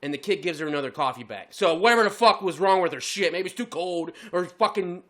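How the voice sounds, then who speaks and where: A man's voice: high-pitched, fast talker. A man co-hosting a podcast, telling a long story in casual chat, swearing often and acting out the other people's voices. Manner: profane, animated, acts out voices in his story. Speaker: podcast co-host.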